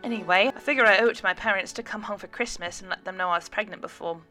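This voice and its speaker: A woman's voice: medium pitch, rapid-fire, sharp tone, soft background music, lightly acted. A woman voicing a young pregnant woman who talks with a dry, sarcastic edge. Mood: wry. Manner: teasing, sarcastic delivery.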